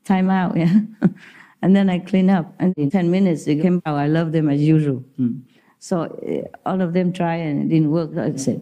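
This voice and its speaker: A woman's voice: on the low side, normal speed, mellow. A woman spiritual teacher giving an informal talk to disciples, telling stories in simple non-native English and laughing often.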